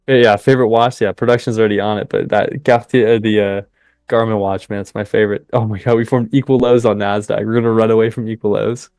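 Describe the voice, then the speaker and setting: A young man hosting a live trading stream, chatting with viewers and cheering the market on in excited bursts. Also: fairly low pitch, quick pace, dry recording, studio quality, soft background music. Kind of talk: live trading commentary with chat.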